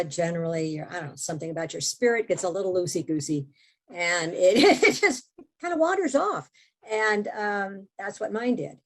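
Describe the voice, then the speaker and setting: A woman guest on an interview podcast, telling a personal story in a lively conversational way, sometimes dropping to a hushed voice. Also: fairly low pitch. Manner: animated storyteller, drops to hushed tones. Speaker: memoir author and interview guest.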